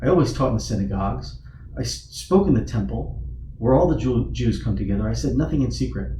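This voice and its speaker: A man's voice: lively intonation, brisk, dark tone. A youth pastor preaching, retelling a story dramatically and acting out the figures he quotes. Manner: storytelling, voices quoted figures with rising pitch. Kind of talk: sermon. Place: church or youth room. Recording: roomy hall from a distance, faint noise.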